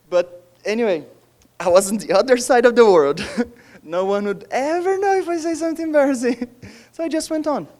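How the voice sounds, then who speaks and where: A man's voice: a little high, darkish tone. A young man from Brazil with a Brazilian Portuguese accent, giving a conference talk in a joking, self-deprecating way and laughing between lines. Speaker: conference speaker. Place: conference hall.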